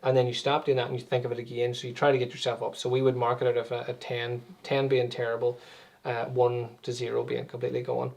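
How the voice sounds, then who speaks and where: A man's voice: medium pitch, monotone, quick pace, creaky, a little mellow. A man, an anxiety and meditation coach, explaining things conversationally with everyday examples as an interview guest.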